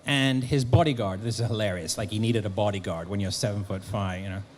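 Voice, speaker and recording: A man, a guest actor and author, telling lively anecdotes at a convention Q&A, acting out bits of dialogue. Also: fairly low pitch, a little fast, a little hiss or hum. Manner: animated storyteller, acting out quotes. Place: convention hall.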